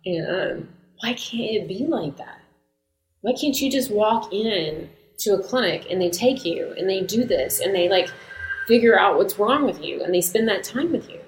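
Animated woman in a roomy echo. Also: medium pitch, normal speed. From United States. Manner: animated storytelling, laughing often. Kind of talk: casual chat.

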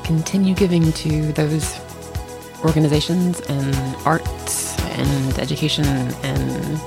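A woman's voice: sits low, little pitch movement, slow pace, creaky, over music. A middle-aged woman co-hosting a podcast in casual chat, rambling with restarts and laughing often. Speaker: podcast co-host.

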